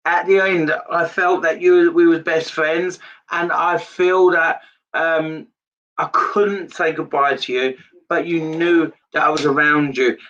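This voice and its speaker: A man's voice: a little high, fairly even intonation, slow pace, fairly bright tone, recorded from a distance, highs cut off. A man giving a live psychic reading, earnest and repetitive in his phrasing. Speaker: medium.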